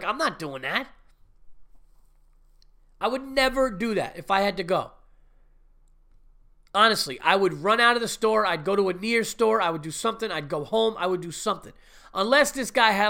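A podcast host riffs through a casual story, swearing freely and building into indignant rants. His voice sits high for a man and sounds bright and forward, lively and animated.

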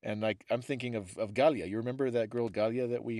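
American guy on a podcast, animated and laughing a lot, middle pitch, dry close sound. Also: fast, no echo. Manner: animated, laughs often while telling stories. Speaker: podcast co-host. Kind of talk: casual storytelling chat.

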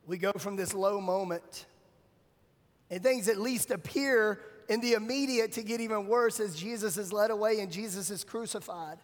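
High-voiced preacher in a big hall. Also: male voice. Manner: animated storytelling with casual slang. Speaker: pastor. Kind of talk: sermon.

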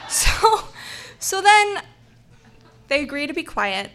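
A young woman telling a funny personal story on stage, animated and laughing, acting out the voices of the people in it. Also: high voice, noisy background. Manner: animated, acts out quoted voices, laughs often.

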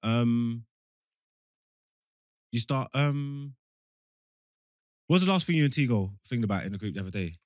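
A man's voice: medium pitch, expressive, moderate pace, pauses often, no room sound, studio quality. A man, a podcast co-host making his case in heated casual banter, persistent and slangy. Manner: persistent, argumentative, slang-heavy.

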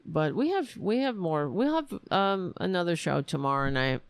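A frustrated woman hosts her show from a room at home, rambling and swearing as she talks. Her voice is low and gravelly, and she speaks slowly. The sound is dry and close. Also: lively intonation, dry recording. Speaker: show host. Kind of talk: casual livestream chat.

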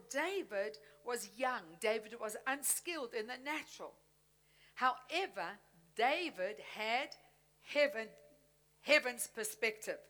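A woman's voice: high-pitched, pushed and bright. A woman pastor preaching a sermon with exuberant energy, often laughing as she exhorts the congregation.

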